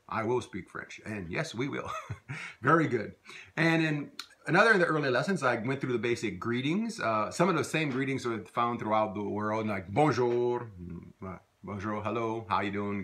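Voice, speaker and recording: A man teaching a video language lesson, patiently repeating phrases slowly for learners to copy. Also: lowish voice, pushed and bright.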